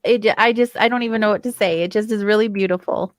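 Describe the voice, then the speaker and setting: A woman interviewing a guest, admiring and quick to laugh. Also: medium pitch, steady tone, dry recording, studio quality. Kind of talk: conversational interview.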